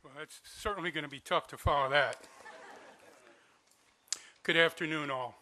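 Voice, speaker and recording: A man's voice: a little high, normal speed, background noise. A man speaking formally and graciously at his brother's memorial service. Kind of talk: memorial speech.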